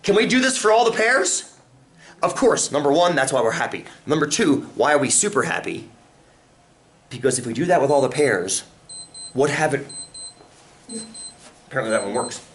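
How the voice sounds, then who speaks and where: A man teaching a statistics class, animated and full of questions for his students. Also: mid-range voice, moderate pace, pauses often. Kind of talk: classroom lecture. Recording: roomy, from far off, faint room noise.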